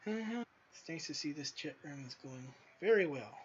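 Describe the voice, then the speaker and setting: A man's voice: a little high, expressive, measured pace, a little hiss or hum. A man casually chatting while testing his own game, rambling loosely with crude asides. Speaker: indie game developer. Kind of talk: casual gameplay commentary. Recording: dull lo-fi audio with faint music.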